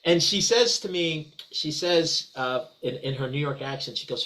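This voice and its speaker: A man's voice: a little high, moderate pace, hardly any pauses, fairly bright tone, rough recording. A man answering as a guest in a business webinar, talking eagerly with frequent restarts and repeated words. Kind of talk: conversational webinar discussion.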